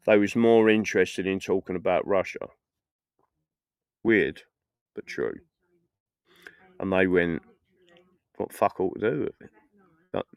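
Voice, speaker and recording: Fairly low in pitch and gravelly, the voice belongs to a middle-aged man from England, recorded with no echo. He's a political livestreamer chatting casually outdoors at an evening festival field, wandering through stories with plenty of swearing and laughter at his own jokes.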